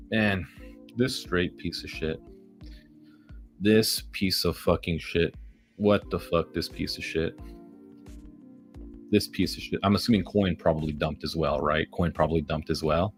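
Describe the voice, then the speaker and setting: A man's voice: low voice, steady tone, measured pace, soft background music. A man giving live commentary on his day trades, ranting at the market with heavy profanity and sarcastic self-mockery.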